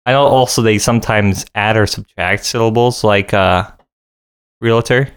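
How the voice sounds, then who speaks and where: A man's voice: fairly low pitch, normal speed, smooth. A man with a Midwestern American accent in casual, rambling chat, full of fillers, recorded at home in a bedroom. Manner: relaxed, rambling, many fillers.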